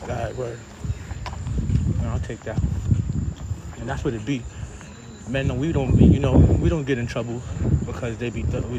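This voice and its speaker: Crude joking man streaming outdoors. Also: medium pitch. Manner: crude, joking, slangy, chats to viewers. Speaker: livestreamer. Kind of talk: casual rambling live stream. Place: outdoors on a road. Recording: loud outdoor street noise with traffic and insects.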